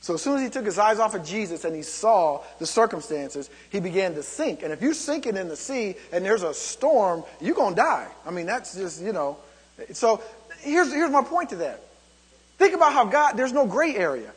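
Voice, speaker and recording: A man preaching with a high, lively voice that swoops up and down as he presses his points. His tone is slightly husky, and his words carry a long reverb from a church sanctuary. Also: normal speed. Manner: emphatic preaching with many calls of "come on". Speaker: pastor. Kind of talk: sermon.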